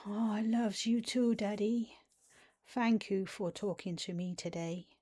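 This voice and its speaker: A woman voicing her inner child as a sweet, shy little girl in soft baby talk. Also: medium pitch, measured pace, voice pushed up, natural voice.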